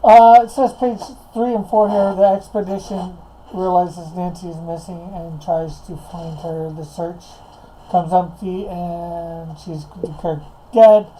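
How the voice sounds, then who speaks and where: A man's voice: sits high, steady tone, a little slow, warm tone, a little hiss or hum, poor audio. A man on a remote call in a casual live stream, reading out his story notes hesitantly and chatting. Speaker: comic writer.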